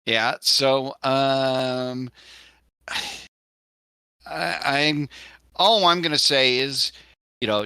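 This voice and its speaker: A man talks through his character's moves in a tabletop game, often restarting and correcting himself mid-sentence. His voice is bright and forward, with a dry, close sound. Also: mid-range voice, unhurried, smooth, no room sound. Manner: rambling, self-correcting. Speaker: player.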